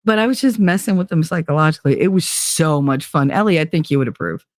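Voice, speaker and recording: Blunt, low-voiced woman telling stories. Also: lively intonation, fast, a little mellow, no room sound, studio quality. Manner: blunt and profane, heavy use of "like". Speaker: podcast host. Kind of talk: casual storytelling monologue.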